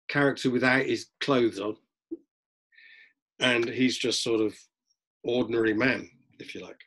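A middle-aged man, a drama teacher, lecturing students in a lively way and acting out examples as he goes. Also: medium pitch, breathy edge. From London, England. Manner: lively, acts out examples, frequent restarts. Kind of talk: lecture-style talk to students.

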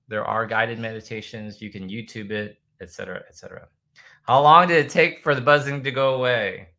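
Gravelly, bright-voiced man chatting casually. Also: medium pitch, rough recording. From United States. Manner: loose and rambling, reads comments aloud; bursts into loud chanting when demonstrating. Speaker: host answering viewer comments. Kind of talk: casual livestream chat.

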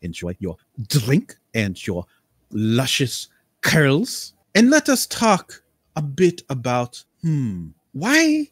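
A man voicing an eccentric, flamboyant male spin master who speaks softly and theatrically, with long lofty pauses. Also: mid-range voice, wildly swooping pitch, no room sound, studio quality, voice pushed up, heavily acted. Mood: grandiose. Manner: theatrical, soft-spoken, drawn-out pauses, lofty.

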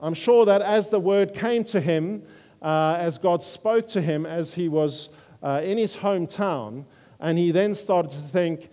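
A man preaching a sermon in an earnest, halting way with many fillers. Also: high voice, mellow. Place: church hall. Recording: long church-hall reverb.

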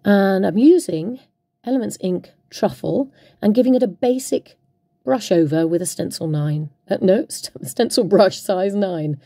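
A woman's voice: mid-range voice, a little slow, dark tone, no echo, studio quality. A woman hosting a craft tutorial, chatting playfully and talking to herself as she works. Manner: chatty, playful, talks to herself while working. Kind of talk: casual crafting demonstration.

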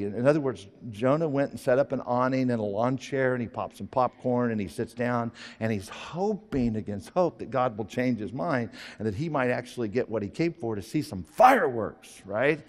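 A male pastor preaching a sermon, moving between chatty asides and forceful, rising emphasis. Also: medium pitch, long reverb tail.

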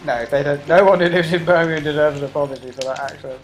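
A woman's voice: sits low, fairly even intonation, fast talker, faint music behind, poor audio. A woman casually chatting and exclaiming while playing a co-op game, laughing often and swearing mildly. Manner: exclaiming, laughing, mild cursing. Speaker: let's play host. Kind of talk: casual co-op gameplay chat.

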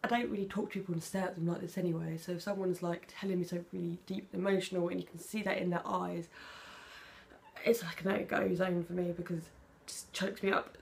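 Fast-talking and gravelly, this young British vlogger has a lowish, level voice as she works through a casual tag video. She reads personal questions aloud and answers openly, chatty by default and quieter when feelings come up.

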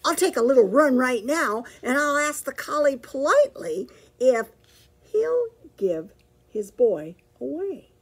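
Woman doing a squeaky polite puppy boy. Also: big pitch swings, unhurried, slightly rough, full character voice. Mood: eager. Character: small eager polite male puppy.

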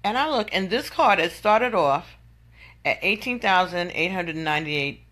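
Woman vlogger, venting monologue, exasperated and incredulous, bright forceful tone. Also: on the low side, expressive, a little slow.

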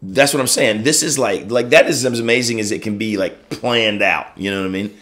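A man's voice: on the low side, a little fast, fairly bright tone. A man who co-hosts a guitar shop chat. He explains things casually and fills his talk with many fillers.

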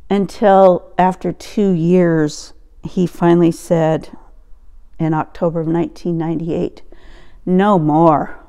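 Woman pastor in her sixties, gravelly voice, slow earnest sermon storytelling. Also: mid-range voice, dark tone. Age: 60s. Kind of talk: personal sermon reflection.

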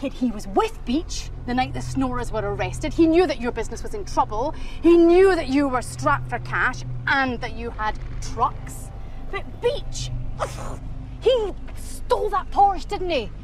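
An actress playing a sharp-tongued female amateur detective with a taunting, probing, theatrical manner. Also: high-pitched, lively intonation, unhurried, a little hiss or hum.

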